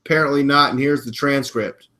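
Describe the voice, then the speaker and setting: A man's voice: medium pitch, steady tone, a little fast, sharp tone. A man hosting a casual live talk show, chatty and full of hesitations. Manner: chatty, hesitant with many fillers. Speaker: host.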